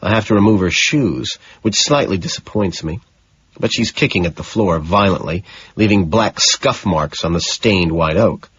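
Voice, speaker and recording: A man reading an audiobook in scripted narration, slow and matter-of-fact. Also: low-pitched, animated, a bit bright, breathy edge, lo-fi sound.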